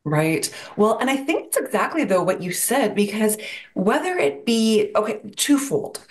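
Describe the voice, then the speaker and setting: A woman's voice: a little high, big pitch swings, unhurried. A woman guest on a podcast, talking about burnout in a reflective coaching manner and posing rhetorical questions. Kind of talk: interview answers.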